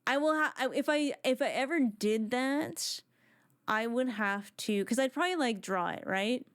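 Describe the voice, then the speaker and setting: A woman streamer chatting casually while she plays a video game, rambling with excitement and restarting her sentences often. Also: a little high, normal speed. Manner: excited, rambling fan talk with many restarts.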